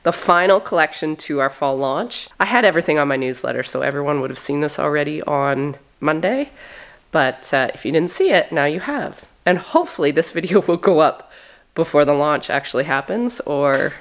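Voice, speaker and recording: Woman, casual farm vlogger, low pitch, chatty and laughing. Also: animated, moderate pace. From Canada. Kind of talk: casual vlog talk.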